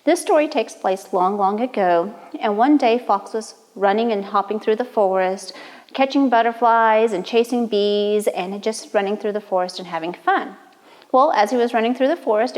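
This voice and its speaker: A woman from the Cherokee Nation telling a traditional story in a relaxed, conversational, playful way. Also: medium pitch, big-room sound. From Cherokee Nation, Oklahoma. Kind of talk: oral storytelling.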